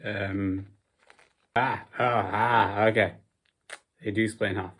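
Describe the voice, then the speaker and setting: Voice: low-pitched, fairly even intonation, slow, a bit bright. A sleep-deprived young adult vlogger talking in a casual, rambling way, mumbling at times and then perking up in sudden bursts.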